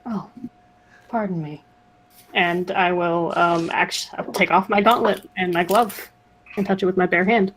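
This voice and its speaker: A woman playing a tabletop game, speaking in a measured, polite way. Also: fairly low pitch, steady tone, a bit bright, a little hiss or hum, rough recording. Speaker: player. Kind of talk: casual chat in a tabletop game.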